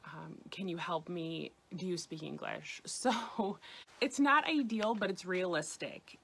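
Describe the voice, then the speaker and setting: A woman's voice: fairly low pitch, sharp tone. A woman giving a casual French lesson, chatting and repeating phrases for listeners to practice. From United States. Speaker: French language teacher.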